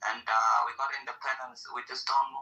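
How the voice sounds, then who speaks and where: A man's voice: medium pitch, little pitch movement, brisk, pushed and bright, echoey room, rough recording. A man whose first language is not English chats bluntly and crudely, repeating his words. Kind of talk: casual voice-chat banter.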